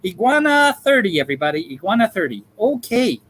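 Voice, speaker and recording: A man hosting a live charity bingo game, calling numbers in a drawn-out way and joking in between. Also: sits high, very animated, a bit bright, poor audio. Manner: campy, jokey, drawn-out number calls. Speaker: bingo caller and host.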